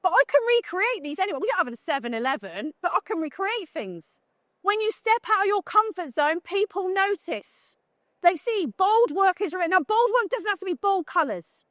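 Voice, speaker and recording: Blunt, funny British woman giving a conference talk; very high voice, dry close sound. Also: very animated, moderate pace, a bit bright, dry recording. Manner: blunt, joking, chatty, asks the audience questions. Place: conference talk room at a trade show.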